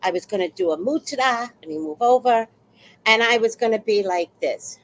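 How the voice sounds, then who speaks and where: A woman's voice: medium pitch, normal speed, a little hiss or hum, low-quality recording. A woman telling a personal story in a casual monologue, acting out the exchanges she describes. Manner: animated, acts out quoted exchanges.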